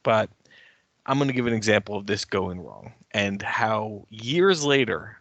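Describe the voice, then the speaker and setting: A man co-hosting a podcast, telling a story in a casual, animated way and getting worked up as he rants. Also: lowish voice, a little slow, no echo, muffled recording. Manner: animated, ranting storyteller who grows heated. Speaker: podcast co-host and editor.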